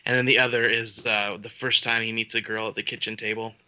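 Bright-toned man on a dull lo-fi podcast mic. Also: fairly low pitch, flat delivery, brisk. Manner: enthusiastic, laughs while talking. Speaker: podcast co-host. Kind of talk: casual chat.

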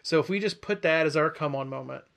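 Male podcast host, higher pitch, loose and rambling, heavy on fillers. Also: quick pace, creaky, a bit bright. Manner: rambling, hesitant, full of fillers. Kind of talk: casual chat.

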